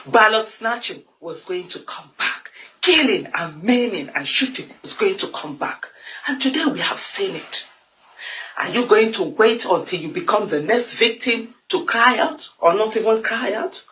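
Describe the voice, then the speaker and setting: A woman's voice: lowish voice, a bit bright, rough recording. A Nigerian woman with a Nigerian accent giving an impassioned political monologue, fiery and emphatic with lots of repetition. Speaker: political commentator.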